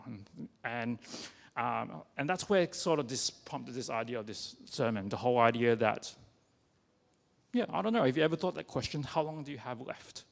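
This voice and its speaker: A man giving a personal sermon, talking conversationally with halting restarts and many fillers. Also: medium pitch, lively intonation, gravelly. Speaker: preacher. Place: church. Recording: long reverb of a church hall.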